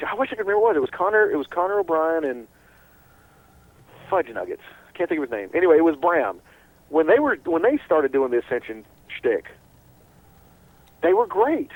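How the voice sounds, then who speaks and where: A man's voice: on the high side, no echo, poor audio. A man hosting a casual sports radio talk show, rambling and full of restarts. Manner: animated and rambling, with many restarts.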